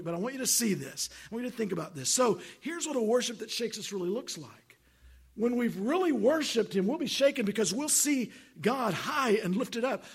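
High, gravelly preacher man, emphatic. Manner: emphatic, repetitive preaching, reads Bible verses aloud. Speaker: pastor. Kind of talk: sermon.

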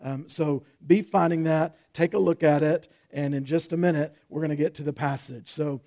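A man's voice: a little high, fairly even intonation, normal speed, mellow. A man in his fifties, a pastor, preaching in a folksy, conversational way with frequent restarts. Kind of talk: sermon.

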